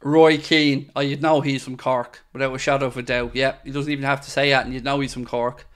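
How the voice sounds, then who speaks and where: A young male podcast host talks fairly quickly with a flat delivery in a mid-range, fairly bright voice. He's chatty and opinionated, reading comments from a live chat with frequent fillers and asides.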